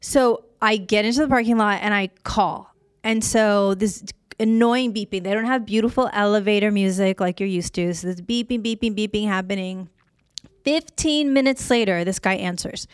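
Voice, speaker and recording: A woman in her fifties tells a story on her podcast, animated and sarcastic, with frequent laughs. Her voice sits in a middle pitch. She is recorded close and dry. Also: normal speed, clean tone, no echo. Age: 50s. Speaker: podcast host. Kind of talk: storytelling monologue.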